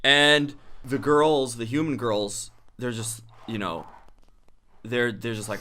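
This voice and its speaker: A man co-hosting a podcast, riffing on a made-up movie plot with crude, rambling jokes and quick put-on voices for the characters. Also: mid-range voice, steady tone, pushed and bright. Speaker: podcast co-host.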